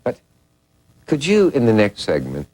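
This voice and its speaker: A man's voice: on the low side, wildly swooping pitch, a little slow, darkish tone, low-quality recording. A man hosting a talk show, asking playful, teasing questions in casual chat.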